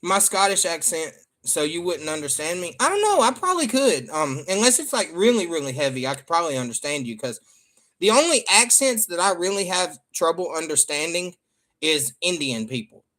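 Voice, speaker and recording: A man's voice: a little high, very animated, fairly quick, bright, forceful tone. A man with a Southern American accent chatting casually to viewers as a father and streamer, joking and trailing off with ums. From Michigan. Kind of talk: casual rambling chat to viewers.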